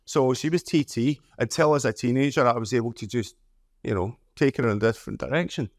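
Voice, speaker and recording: A man's voice: medium pitch, a little fast, no room sound, studio quality. A middle-aged man with a Scottish accent giving a conference talk. He tells stories in a chatty, humorous way and often tags his lines with "okay?". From Scotland. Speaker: conference speaker.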